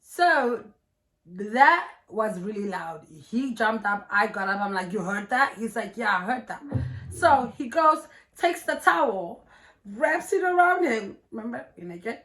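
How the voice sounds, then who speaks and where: Animated young woman telling a story. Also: on the high side, unhurried. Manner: animated, profane, laughing storytelling. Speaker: vlogger. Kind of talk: storytime vlog.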